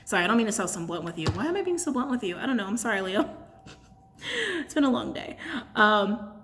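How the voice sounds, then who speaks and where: A woman's voice: mid-range voice, lively intonation, quick pace, noisy background. A woman doing a casual channeled tarot and crystal reading to her camera, chatty and blunt, laughing often.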